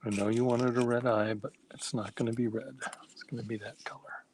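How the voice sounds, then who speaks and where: A man talking casually to himself while making a craft, halting and soft-spoken, thinking aloud. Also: medium pitch, flat delivery, noisy background.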